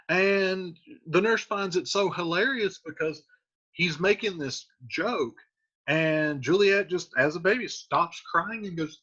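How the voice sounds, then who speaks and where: A man's voice: fairly high pitch, lively intonation, moderate pace, sharp tone. A man reading lines from an old play aloud, then paraphrasing them in casual modern slang, like a teacher. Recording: dull lo-fi sound.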